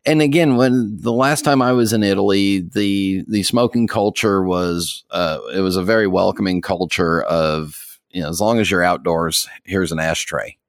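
A deep-voiced American man talks through a casual podcast conversation. He rambles comfortably, with many fillers and small laughs. The sound is dry and close. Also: normal speed, dry recording. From United States. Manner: relaxed and rambling, with frequent fillers and soft laughs. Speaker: podcast host. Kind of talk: casual chat.

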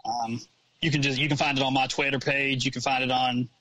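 Bright-voiced easygoing podcast guest. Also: male voice, mid-range voice, little pitch movement, brisk, a little hiss or hum, rough recording. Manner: easygoing, hesitant with ums, explains at length. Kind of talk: casual podcast chat.

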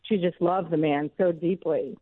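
A woman's voice: lowish voice, fairly even intonation, a little slow, dry recording. Woman guest on a phone interview, earnest, heartfelt storyteller, tinny dry line.

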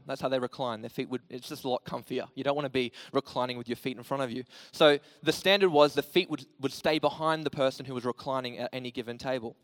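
A man preaching a sermon with passion, swinging from loud emphatic lines to soft, low storytelling. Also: dry recording, in a large hall.

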